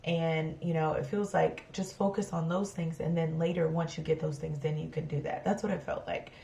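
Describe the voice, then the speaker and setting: A woman's voice: sits low, little pitch movement, normal speed, vocal fry, dark tone. A woman in her thirties chatting casually to camera in a vlog, rambling with lots of fillers. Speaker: vlogger. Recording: roomy sound from far off.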